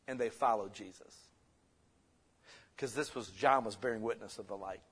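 A man preaching a sermon as pastor, conversational and lively, swinging between loud bursts and soft asides. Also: medium pitch, slightly rough.

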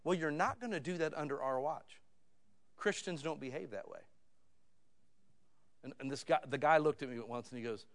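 Preaching in a conversational way, a male pastor moves a little fast with long pauses, shifting between low asides and loud, pleading emphasis.

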